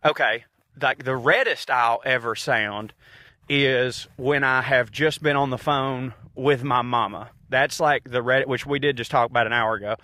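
A man's voice: medium pitch, steady tone, moderate pace, sharp tone, no room sound. A man with a Southern US accent, a comedian and podcast host, ranting alone in a casual, rambling, profane and self-mocking way. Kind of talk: casual solo rant.

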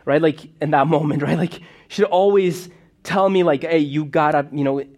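A man who grew up in Moldova delivers a sermon as a personal story. He talks in a loose, chatty way, stopping and restarting often. His voice sits a little on the high side. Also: moderate pace, darkish tone. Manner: conversational, rambling with many fillers and restarts. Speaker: preacher.

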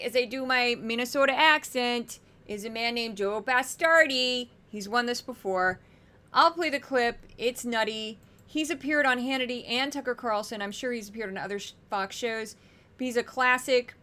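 A woman hosting a podcast, giving chatty, wry commentary on news clips with animated asides. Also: a little high, moderate pace. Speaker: podcast host. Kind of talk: casual commentary.

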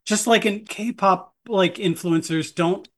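A man's voice: sits high, takes it slowly. A man talking as a journalist guest on a podcast interview, wry and sardonic, laughing between points.

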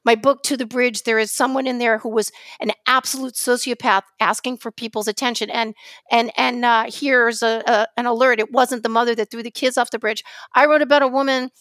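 A woman's voice: on the high side, fairly even intonation, brisk, a bit bright, no room sound. A woman with a New York accent, telling stories on a podcast in a rambling, impassioned way. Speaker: podcast co-host, journalist. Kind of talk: casual podcast chat.

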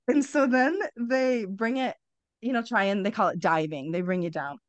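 A middle-aged woman talks as a podcast guest, telling her own story bluntly and with plenty of energy. She swears without a second thought and laughs through the grim parts. Her voice sits at an ordinary pitch for a woman and sounds close and dry, with no room around it. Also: moderate pace, no room sound, dull audio. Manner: blunt, animated, swears freely, laughs through hard memories. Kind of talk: candid conversational storytelling.

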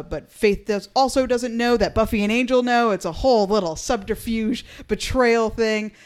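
A woman's voice: on the low side, a little mellow, clear, resonant tone. A woman hosting a casual podcast, recapping an episode with playful asides. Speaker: podcast host.

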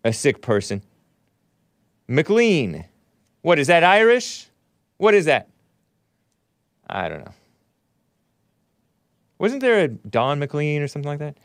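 A man's voice: on the high side, huge pitch swings, slow pace, pauses often, no room sound, studio quality. A man hosting a call-in radio show, reading posts aloud and mocking them in a scornful, sarcastic, rambling way. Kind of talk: opinionated call-in radio talk.

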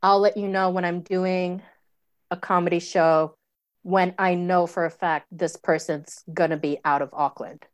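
A young woman, a stand-up comedian telling a story in casual chat, animated, full of fillers and swearing. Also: fairly low pitch, unhurried. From New York City.

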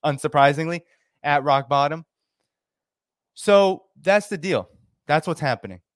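A man's voice: medium pitch, no echo, studio quality. A man hosting a solo political commentary, talking in an impassioned, repetitive way with many fillers.

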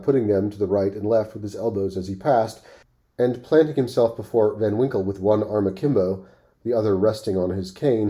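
A man reading a classic story aloud on his podcast, expressive, with offhand asides. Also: on the low side.

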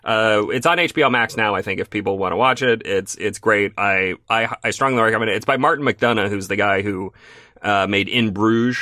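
A man's voice: on the low side, a little fast, pushed and bright, dry recording, clean studio sound. A man co-hosting a podcast chat about films, talking in a wry, opinionated way with mock-solemn asides. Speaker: guest co-host.

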